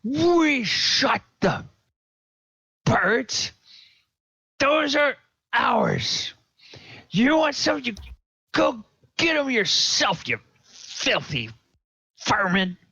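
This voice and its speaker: A man voicing a drunken, contemptuous male cultist in a tabletop game, with loud, strained shouting. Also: extremely high pitch, big pitch swings, drawn-out words, long pauses, breathy edge, no room sound, voice pushed up, heavily acted.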